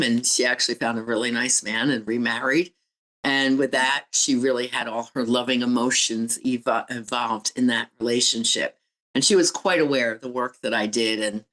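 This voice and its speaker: A woman's voice: very deep voice, a bit bright, poor audio. Candid woman sharing personal stories. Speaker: guest, relationship coach and author. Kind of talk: podcast interview storytelling.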